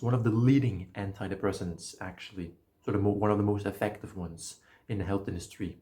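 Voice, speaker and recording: A man giving a casual, energetic motivational talk, explaining ideas and swearing now and then. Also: lowish voice. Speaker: self-help video creator.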